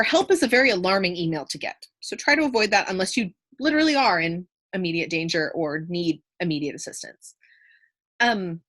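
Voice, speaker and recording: A young woman teacher talking through a casual video lesson, chatty, with frequent fillers and lively jumps in voice when she reads out example phrases. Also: fairly high pitch.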